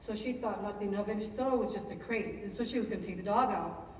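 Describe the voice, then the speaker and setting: A woman's voice: mid-range voice, fast, a little mellow, slight background noise. A woman giving an emotional church testimony, telling her story earnestly and praising God between sentences, recorded from far off in an echoey church hall.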